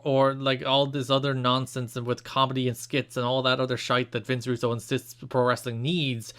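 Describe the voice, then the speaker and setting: A man's voice: medium pitch, fairly bright tone. A man co-hosting a podcast, explaining at length in a casual, opinionated way with frequent restarts. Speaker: podcast co-host.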